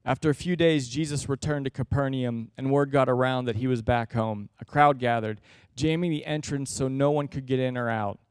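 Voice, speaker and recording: A man's voice: medium pitch, moderate pace, clear, resonant tone, no room sound, clean studio sound. A man in his thirties preaching a sermon in an earnest, conversational way, acting out everyday exchanges.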